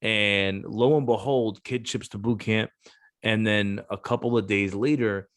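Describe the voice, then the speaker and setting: Unhurried and fairly even in intonation, this fairly low-pitched man is a Marine gunnery sergeant who once worked as a recruiter. On a podcast he talks casually and bluntly, swearing often while voicing the characters in his tales.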